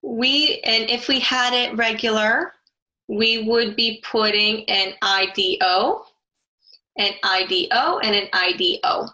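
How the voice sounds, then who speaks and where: A woman's voice: fairly high pitch, bright, forceful tone, poor audio. A woman teaching a Spanish grammar lesson, explaining carefully and spelling out letters.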